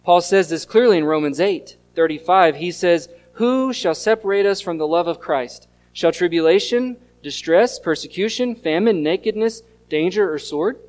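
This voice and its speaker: A pastor, preaching an earnest sermon that mixes scripture reading and storytelling. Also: male voice, high voice, moderate pace, hardly any pauses, a little mellow. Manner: earnest teaching tone, reads scripture aloud and tells stories.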